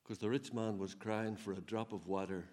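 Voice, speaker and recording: A man's voice: steady tone, normal speed. Emphatic male preacher. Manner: emphatic, swings between loud peaks and low asides; laughs while telling stories. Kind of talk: sermon.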